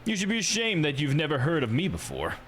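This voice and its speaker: A man's voice: a little high, huge pitch swings, fast talker, a bit bright, faint music behind, voice pushed up. A man voicing a pompous, self-important male politician, grandiose and condescending. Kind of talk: reading game dialogue on a livestream.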